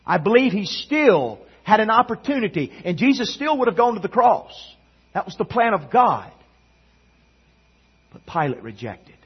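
A man preaching a sermon with a dramatic delivery, swinging between loud emphasis and hushed low tones. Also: very animated, moderate pace, breathy edge. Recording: dull lo-fi sound.

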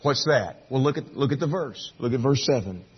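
A middle-aged man preaching a sermon, shifting from hushed, intimate lines to loud, emphatic bursts, with a husky voice. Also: medium pitch, expressive, brisk, lo-fi sound. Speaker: pastor.

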